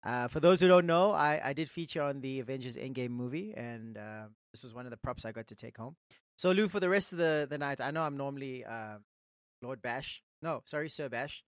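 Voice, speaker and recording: A man's voice: medium pitch, fairly quick, no echo, studio quality. A man co-hosting a podcast, joking around in casual chat. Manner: playful, jokey, lively delivery. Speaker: podcast co-host.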